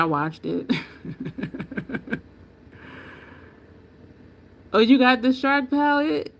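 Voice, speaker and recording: A woman hosting a beauty channel livestream, talking in a loose, opinionated, rambling way and answering viewer comments. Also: medium pitch. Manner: loose, rambling, with frequent ums and restarts. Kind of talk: casual livestream chat.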